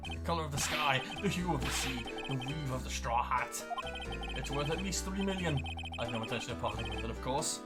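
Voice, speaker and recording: A man voicing a pompous, evasive old male lawyer with a stately drawl and fussy throat-clearing, over loud game music. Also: medium pitch, animated, a little fast, close to an everyday voice. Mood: proud. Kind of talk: reading game dialogue aloud.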